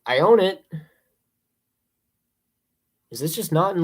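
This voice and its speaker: A young man hosting a casual live stream, rambling with many ums and excited asides. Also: sits high, slow pace. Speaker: livestream host ranking horror films.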